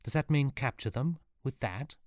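A nervous young time traveller, stammering and alarmed, as a man reads him. The voice sits higher than the narration and is recorded close and dry. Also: normal speed, a little mellow, dry recording, lightly acted.

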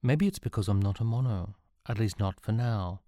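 Man doing lonely young man lost in time, low mellow voice, wondering, dry sound. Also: normal speed, no room sound, close to an everyday voice.

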